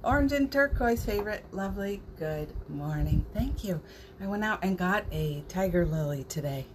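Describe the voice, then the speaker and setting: A middle-aged woman hosting a spiritual morning livestream, greeting viewers by name in a gentle, playful way with small laughs. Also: mid-range voice, expressive, moderate pace, noisy background. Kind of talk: live-streamed spiritual talk greeting viewers.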